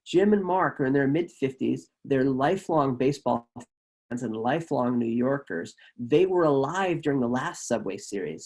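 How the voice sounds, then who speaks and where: A man telling a personal story at a live show, animated and acting out the people he quotes. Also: medium pitch, slightly rough.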